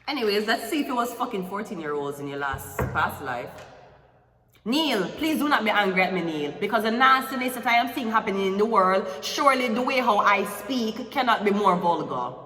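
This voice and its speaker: A young woman with a Jamaican accent gives a tarot reading as a crude, confrontational rant, swearing constantly. Her voice is medium-pitched, brisk and fairly bright with lively intonation, recorded far off the mic in an echoey room.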